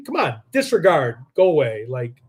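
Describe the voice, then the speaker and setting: A man's voice: fairly high pitch, very animated, moderate pace, darkish tone, slightly rough. A man hosting a live true-crime stream, rambling and combative, with lots of filler words. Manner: rambling, combative, heavy use of "like".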